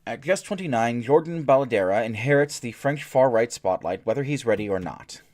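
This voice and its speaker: A man's voice: medium pitch, animated, a little mellow. Dry, sarcastic man reading the news. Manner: unhurried, halting with fillers. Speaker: streamer and host.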